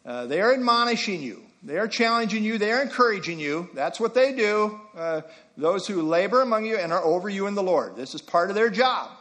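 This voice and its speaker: High-voiced man preaching a sermon. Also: big pitch swings, a little fast, fairly bright tone. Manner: conversational preaching with folksy asides. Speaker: pastor.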